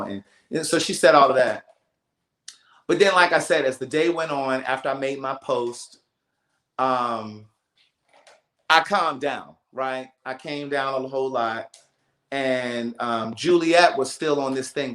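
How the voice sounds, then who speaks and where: A man's voice: mid-range voice, measured pace. Fields: emphatic man telling a story in an echoey room. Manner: animated, emphatic storytelling with frequent repetitions. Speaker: livestream host. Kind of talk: casual storytime on a livestream. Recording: roomy echo.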